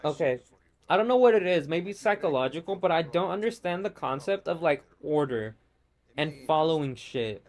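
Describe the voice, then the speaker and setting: A man's voice: a little high, lively intonation, moderate pace. A man hosting his gaming channel, ranting casually and profanely over gameplay in an exasperated, rambling way.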